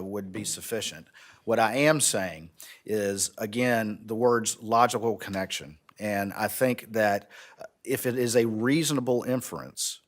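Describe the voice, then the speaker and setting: A man, arguing earnestly as an attorney in a courtroom oral argument. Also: lowish voice. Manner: earnest, building to emphatic. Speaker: prosecutor arguing an appeal.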